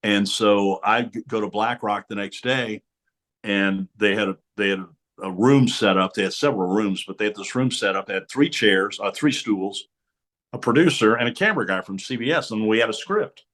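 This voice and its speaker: A man's voice: fairly low pitch, moderate pace, a bit bright. A middle-aged man, a sportscaster guest in a radio studio interview, tells stories with energy and acts out the voices of other people. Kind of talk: storytelling interview talk.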